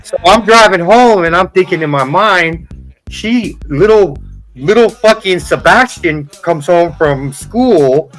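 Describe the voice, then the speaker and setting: A man's voice: high voice, lively intonation, slow, a bit bright, faint music behind, low-quality recording. A man co-hosting a casual podcast, telling a story in a loose joking way. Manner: storytelling, bits of mocking voices. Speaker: podcast co-host. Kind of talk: casual chat.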